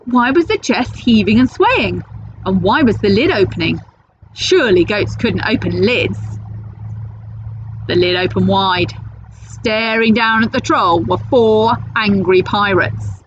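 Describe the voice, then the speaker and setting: A woman teacher reading a picture book aloud to children, with expressive storytelling. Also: mid-range voice, a little slow, muffled recording, a little hiss or hum.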